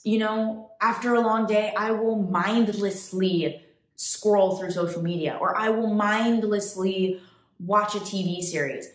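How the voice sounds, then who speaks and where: A woman's voice: lowish voice, reverberant. Chatty woman telling a travel story. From United States. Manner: chatty, animated, quotes people in put-on voices. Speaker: travel vlogger. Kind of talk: casual storytelling to camera.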